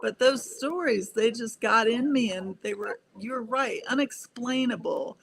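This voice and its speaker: A woman's voice: on the high side, unhurried, creaky, fairly bright tone. An older woman, a guest speaker on a panel, chatting casually and laughing often.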